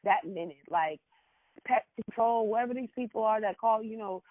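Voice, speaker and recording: Panelist, male, blunt and animated, dry tinny phone-like sound. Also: high voice, moderate pace, dry recording. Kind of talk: casual talk show chat.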